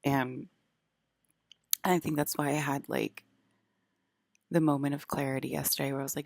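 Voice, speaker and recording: Low creaky young woman just rambling at the camera, like, tons of fillers, dry room. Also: a little slow, pauses often, darkish tone, no room sound. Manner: rambling, filler-heavy, lots of "like". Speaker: vlogger. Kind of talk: casual rambling monologue.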